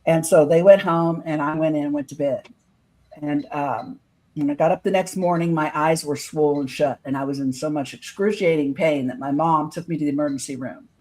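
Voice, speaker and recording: A woman's voice: low-pitched, a little fast. Woman telling a story in earnest. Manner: earnest, quotes others in lively voices. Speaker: guest telling her own experience. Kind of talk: casual storytelling on a video podcast.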